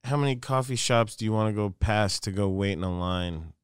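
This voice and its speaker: A man's voice: on the low side, brisk, a little hiss or hum. An American man, a guest artist, chatting casually and telling stories animatedly. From United States. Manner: animated storyteller. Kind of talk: casual podcast chat.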